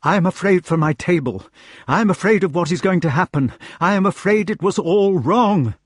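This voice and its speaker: A man's voice: high voice, expressive, normal speed, husky, no echo, clean studio sound, voice pushed up. A man playing an anguished, agitated king. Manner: urgent, pleading outbursts. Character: anguished aging male king, agitated and remorseful.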